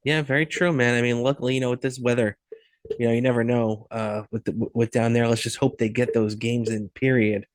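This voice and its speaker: A man's voice: medium pitch, little pitch movement, brisk, dry recording. A man co-hosting a podcast, giving short agreeing replies and steering the talk to the next topic. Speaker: podcast co-host. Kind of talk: casual chat.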